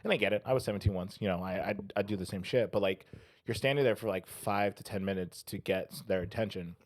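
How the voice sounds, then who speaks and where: A man's voice: fairly low pitch, fast talker, dry recording. A man co-hosting a casual podcast, telling a long anecdote and acting out the people in it, with frequent swearing. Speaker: podcast co-host. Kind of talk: casual chat, storytelling.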